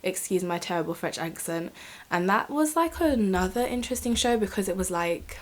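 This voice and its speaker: A woman's voice: medium pitch, animated, normal speed. Chatty rambling young woman. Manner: rambling, chatty, swears casually. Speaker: vlogger. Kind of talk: casual chat to camera.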